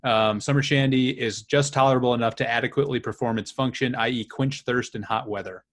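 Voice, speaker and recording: A man in easygoing podcast banter over a video call, his voice sitting at an ordinary middle pitch. He talks freely and laughs often. He drifts into reading review text aloud in a relaxed, conversational way. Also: a little fast. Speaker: podcast co-host. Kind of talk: casual chat.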